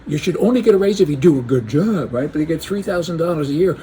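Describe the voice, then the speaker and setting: A man's voice: fairly high pitch, animated, fast, warm tone, a little hiss or hum. A man giving an opinionated, casual commentary monologue, telling jokes with sarcastic asides and chuckles.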